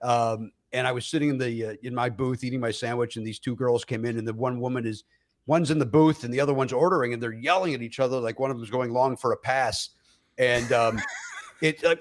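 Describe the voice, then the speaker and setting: A middle-aged man, a comedian guest, telling stories in an animated way and acting out other people's voices. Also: medium pitch, brisk. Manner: acts out other people's voices, with many fillers and laughs. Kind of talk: animated comic storytelling.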